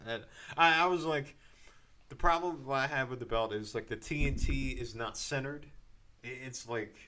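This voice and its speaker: A man's voice: mid-range voice, normal speed, pushed and bright. A man co-hosting a casual wrestling podcast, loose and joking. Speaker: podcast co-host.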